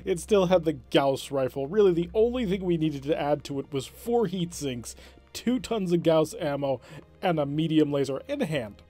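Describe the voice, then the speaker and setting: A man's voice: fairly high pitch, expressive, normal speed, mellow, soft background music. Man giving gameplay commentary. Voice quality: explanatory, thinking aloud about tactics. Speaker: game commentator. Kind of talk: let's-play commentary.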